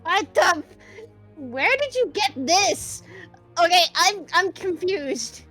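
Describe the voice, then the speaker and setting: Bright, high-voiced female player. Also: sing-song, slow pace, faint music behind. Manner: exasperated, yelling. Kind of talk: casual tabletop play.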